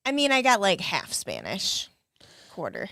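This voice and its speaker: Bright, teasing young co-host. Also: medium pitch, wildly swooping pitch, creaky, no echo. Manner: laughs often, quick teasing remarks. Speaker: podcast co-host. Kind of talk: casual live-stream chat.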